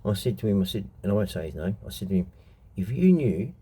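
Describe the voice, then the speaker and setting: A man's voice: low-pitched, steady tone, rapid-fire, mellow, breathy edge. A middle-aged Australian man in a blunt, profane, heated monologue, telling stories from his past as a show host. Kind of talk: unscripted monologue.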